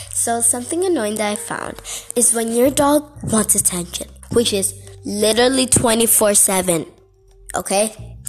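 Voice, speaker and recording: A woman's voice: mid-range voice, darkish tone. Woman vlogger, casual exasperated rant with lots of "like" and "okay", faint music under the voice.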